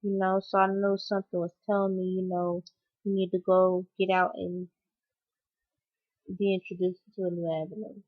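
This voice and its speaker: Emotional young woman vlogger, flat voice. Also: fairly low pitch, normal speed. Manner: rambling, emotional, many fillers. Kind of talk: personal storytelling. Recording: dull lo-fi recording.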